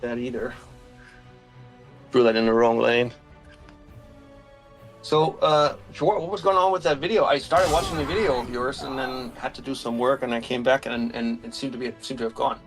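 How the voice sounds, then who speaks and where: A man chatting casually on a game stream call, easygoing and quick to laugh and ask questions. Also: mid-range voice, music in the background. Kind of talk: casual chat while gaming.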